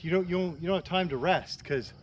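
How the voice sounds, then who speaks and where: A man's voice: fairly high pitch, fast talker, a little hiss or hum. A man riding a bike trail with a friend, joking and slangy in casual chat. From Canada. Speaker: riding companion.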